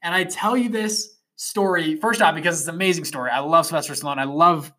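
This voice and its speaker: Bright-voiced young man telling a story. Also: on the high side, fast. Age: 20s. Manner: animated, rambling with fillers and restarts. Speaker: podcast host. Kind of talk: casual motivational storytelling monologue.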